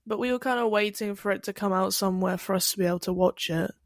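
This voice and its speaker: A woman's voice: medium pitch, fast, no echo, clean studio sound. A young woman co-hosting a film podcast, chatting bluntly and casually with some swearing. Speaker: podcast co-host. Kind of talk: casual chat.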